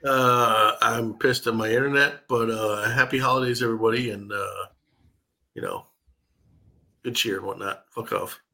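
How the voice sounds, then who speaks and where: A man's voice: mid-range voice, steady tone, normal speed, vocal fry, sharp tone. A man on a casual podcast, mumbling a short offhand sign-off. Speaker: podcast co-host. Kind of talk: casual chat.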